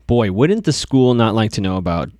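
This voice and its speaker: A man's voice: on the low side, big pitch swings, normal speed, a little mellow, dry recording, clean studio sound. A man voicing a defiant teenage girl who speaks sarcastically. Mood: spiteful. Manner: sarcastic, cutting.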